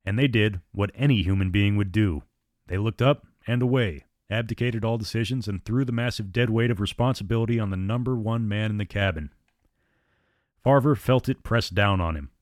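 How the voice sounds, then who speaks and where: A man narrates a suspense audiobook with a measured, dramatic delivery. His voice sits on the low side and is recorded close and dry, with no room sound. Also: a little mellow, dry recording.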